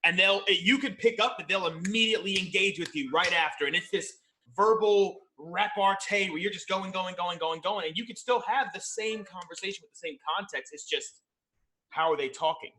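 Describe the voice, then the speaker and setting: A man explaining sales calls in a lively, casual chat. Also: high-pitched. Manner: animated, explanatory, fast bursts.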